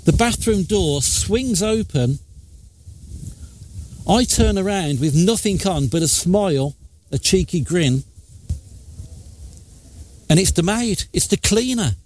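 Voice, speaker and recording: A man hosting a live radio show, telling a jokey story in a chatty, animated way. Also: sits high, takes it slowly, pauses often. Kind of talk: casual radio chat. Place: radio studio.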